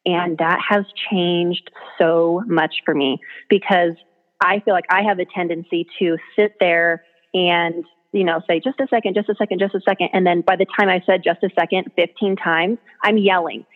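A woman's voice: lowish voice, steady tone, measured pace. A woman, a mother and blogger, telling parenting stories in an earnest, chatty way. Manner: earnest, storytelling, acts out her kids' voices. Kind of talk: casual interview chat. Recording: tinny phone-line sound.

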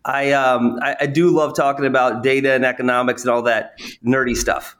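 A man's voice: mid-range voice, steady tone, moderate pace, fairly bright tone. A man being interviewed as an economist guest, talking hesitantly with many fillers. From New England.

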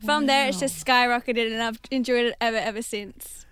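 High, smooth young Australian woman. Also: steady tone, a little fast, a bit bright, no room sound. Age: young adult. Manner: eager and articulate. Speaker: studio guest. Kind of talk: radio interview.

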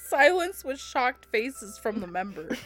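A young woman co-hosting a comedy podcast, reading fan fiction aloud and often breaking into laughter. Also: a little high.

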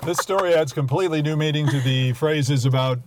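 A man's voice: on the high side, fairly quick, very noisy. Man asking teasing interview questions. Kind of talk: casual interview.

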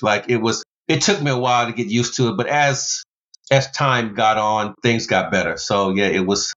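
A man from the United States telling stories in an interview as a former basketball player and motivational speaker, animated, with big leaps in pitch for emphasis. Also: moderate pace, dull audio. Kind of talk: storytelling interview.

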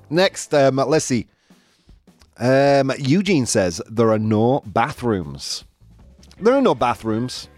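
A Yorkshire man hosting a live-stream quiz, his pitch leaping up and down as he jokes with the chat. He teases and laughs easily, and faint music plays behind him. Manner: playful, laughing, teasing the chat. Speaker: host.

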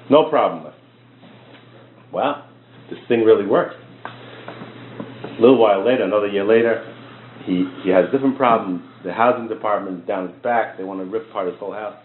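A man, a rabbi teaching a class, telling a story in a lively, conversational way. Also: fairly low pitch, slight background noise. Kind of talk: storytelling lecture. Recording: tinny phone-like sound in an echoey room.

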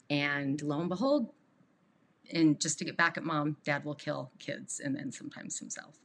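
A woman's voice: low-pitched, fairly even intonation, moderate pace, slight background noise. A woman guest on a podcast who coaches abuse survivors, talking earnestly and rambling with restarts. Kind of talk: emotional interview talk.

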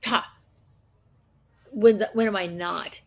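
A middle-aged woman guest in a casual interview, often halting and restarting her sentences. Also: mid-range voice, fairly even intonation.

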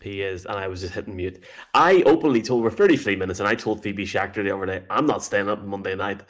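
A man's voice: lowish voice, fast, fairly bright tone. A man co-hosting a sports show, giving picks in a casual, playful and teasing way. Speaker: co-host.

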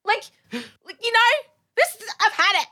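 An Australian woman co-hosting a podcast, telling a story in a lively way and acting out both sides of the conversation. She has a cold. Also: very high-pitched, measured pace. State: sick with a cold. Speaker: podcast co-host. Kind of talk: casual chat.

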